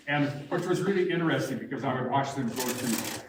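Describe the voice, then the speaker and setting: A man's voice: a little high, big pitch swings, noisy background. Older man telling stories in an echoey hall. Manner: unhurried, humorous storytelling. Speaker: guest speaker at a public talk. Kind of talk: storytelling talk. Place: large barn hall with an audience. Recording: echoey hall, far from the mic.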